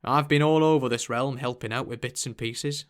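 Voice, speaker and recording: A man's voice: mid-range voice, steady tone, normal speed, smooth, close to an everyday voice. A man voicing a kindly older male angel boatman with a Yorkshire accent, chatty and folksy.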